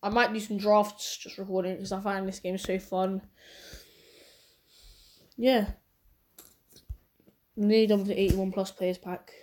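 A woman hosting casual pack-opening commentary, chatty and excitable with sudden shrieks. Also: mid-range voice, measured pace, pauses often. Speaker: channel host.

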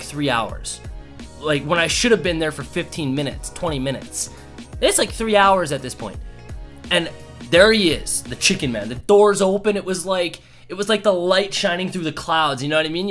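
A young man casually telling a story to camera, acting out quotes with lots of fillers. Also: fairly high pitch. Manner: animated, acts out quotes, many fillers. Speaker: YouTuber.

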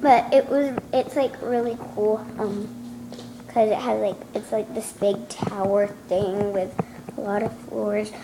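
In a steady, mid-range voice, a woman vlogs from home at a slightly slow pace. The talk is casual and meandering, with frequent ums and restarts, and clear background noise sits behind her.

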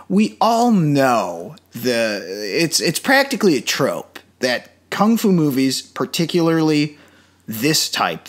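Brief: male podcast co-host, animated and jokey, pitch swings a lot. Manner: animated, jokey, does funny voices. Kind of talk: casual movie review chat.

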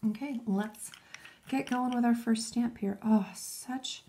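A woman's voice: on the high side, fairly even intonation, takes it slowly, darkish tone. A woman chatting casually and enthusiastically, thinking aloud as she demonstrates nail stamping. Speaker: nail art vlogger. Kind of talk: casual tutorial chat.

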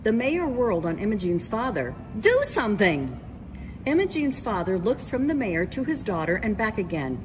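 A woman's voice: medium pitch, very animated, fairly quick, hardly any pauses, music in the background. A woman reading a children's picture book aloud, narrating expressively and voicing the characters.

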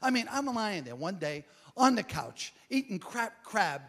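High, gravelly stand-up comic man. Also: sing-song, a little slow, a bit bright. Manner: brash, self-mocking storytelling. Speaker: stand-up comedian. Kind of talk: stand-up comedy set. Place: comedy club stage with live audience. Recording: live club recording with crowd.

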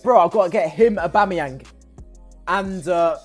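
A man, commenting excitably as he opens football game packs for his stream viewers and yelling at big pulls. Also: high-pitched, measured pace, faint music behind. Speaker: gaming streamer. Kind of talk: excitable pack-opening commentary.

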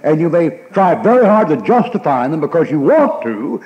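Folksy preacher man, fairly high voice. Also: very animated, normal speed, dull audio. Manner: folksy and emphatic, acts out quoted people with laughs. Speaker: pastor. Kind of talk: sermon.

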